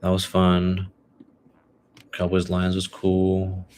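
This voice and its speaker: A man's voice: sits low, monotone, slow, darkish tone, a little hiss or hum. A young man hosting a solo podcast, chatting about his week and sports picks in a rambling, laid-back way full of fillers. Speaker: podcast host. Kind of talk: casual solo podcast chat.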